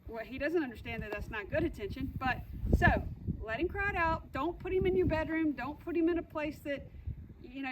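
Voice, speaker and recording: A woman puppy trainer walking new owners through their dog's routine and commands, reassuring and repeating her key points. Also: high-pitched. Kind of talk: instructional dog-training walkthrough. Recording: distant mic, loud background noise.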